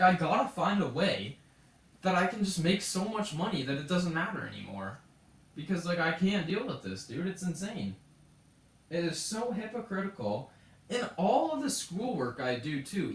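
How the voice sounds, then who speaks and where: Ranting high-voiced teenage boy, roomy echo. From Canada. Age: teens. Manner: frustrated, swears often, retells scenes with quoted voices. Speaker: streamer. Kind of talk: ranting casual stream chat. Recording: roomy echo, distant from mic.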